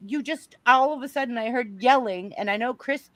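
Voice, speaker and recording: Her voice leans high and the pace is fairly quick, captured in a dry recording. Telling a personal tale on a relaxed livestream, she performs the characters' voices and bursts into shrieks and laughter at the highlights.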